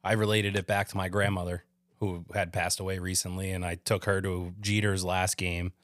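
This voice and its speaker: A man hosting a podcast chats in a relaxed, conversational way. His voice sits very low, and the recording is dry, with no room sound. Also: moderate pace, no echo. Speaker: podcast host. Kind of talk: casual podcast interview.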